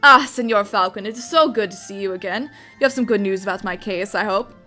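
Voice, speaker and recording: A woman voicing a scheming male fox con man posing as a prince, smooth and theatrical. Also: medium pitch, brisk, bright, forceful tone, soft background music, close to an everyday voice. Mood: ingratiating. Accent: put-on Spanish accent.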